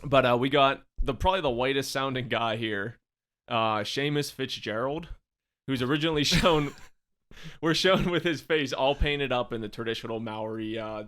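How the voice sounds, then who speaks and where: A man's voice: medium pitch, moderate pace, a bit bright. A man hosting a casual podcast chat, joking and laughing often as he recaps an episode. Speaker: podcast host.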